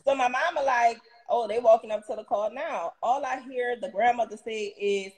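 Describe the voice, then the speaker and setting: A young adult woman, a guest in a casual interview, telling a story in an animated way and acting out the people she quotes. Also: fairly high pitch, moderate pace, hardly any pauses, rough recording. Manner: animated retelling with quoted dialogue and laughs.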